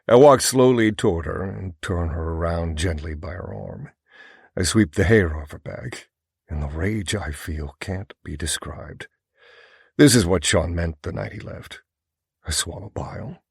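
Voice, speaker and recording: Gravelly low-voiced male narrator. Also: normal speed, dry recording, clean studio sound. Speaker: audiobook narrator. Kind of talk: first-person romance novel narration.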